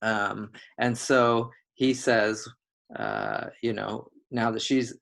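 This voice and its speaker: A man leading an educational talk on relationship dynamics, telling example stories in a relaxed way, with frequent fillers and restarts. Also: medium pitch, moderate pace, creaky. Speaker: group facilitator.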